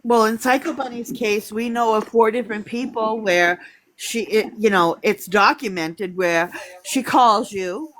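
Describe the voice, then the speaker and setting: A woman's voice: a little high, a little slow, a bit bright, low-quality recording. A woman joining a live stream chat, indignant and dismissive as she weighs in on someone's behavior.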